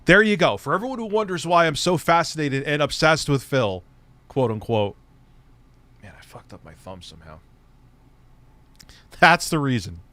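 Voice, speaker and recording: A man's voice: a little high, expressive, moderate pace, pauses often, pushed and bright, no echo. A man hosting a live stream, mocking and ranting with plenty of swearing as he reacts to a clip. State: recovering from a leg injury. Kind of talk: casual live-stream commentary.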